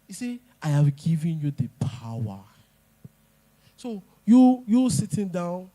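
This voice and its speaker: A man's voice: sits high, sing-song, slow, mellow. A man giving a motivational talk at an event, emphatic and repeating his points. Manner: emphatic, repeats lines, pidgin asides. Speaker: speaker.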